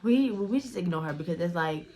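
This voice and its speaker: A young woman vlogger telling a casual story time, profane and animated, often repeating herself. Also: on the low side, a little fast, slight background noise.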